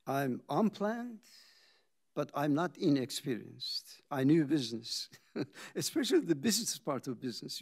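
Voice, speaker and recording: An older man, a company founder, tells his story in a reflective talk, pausing for drama and acting out the conversations he recounts. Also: a little high. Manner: dramatic pauses, acts out quoted dialogue.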